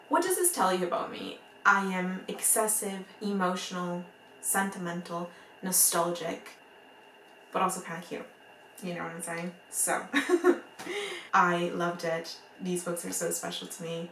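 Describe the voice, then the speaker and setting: A woman with a noticeable accent chatting to camera about books she bought, excitable and rambling, laughing often. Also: medium pitch, normal speed, gravelly, a little hiss or hum. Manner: rambling, full of "like" and restarts. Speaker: book vlogger. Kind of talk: casual chat to camera. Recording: roomy echo, mic at a distance.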